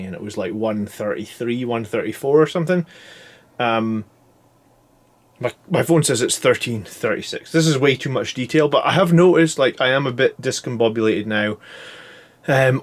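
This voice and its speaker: A man in his thirties recording a casual video diary while worn out and foggy from fasting, rambling and often restarting his sentences. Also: mid-range voice. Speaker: YouTube channel host.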